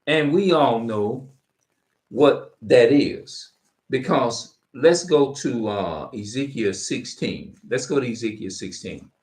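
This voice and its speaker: A man's voice: mid-range voice, lively intonation, takes it slowly, darkish tone. A man preaching informally to camera, reading verses and repeating his points with heavy profanity. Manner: emphatic, profane, repeats himself. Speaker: street preacher.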